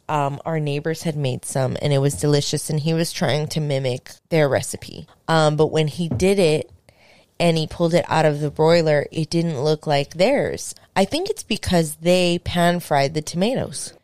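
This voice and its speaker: A young woman hosting a podcast, telling a story in casual chat, animated and swearing, acting out what people said. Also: deep voice, normal speed, no echo. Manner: animated, swearing, acts out quotes. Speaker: podcast host.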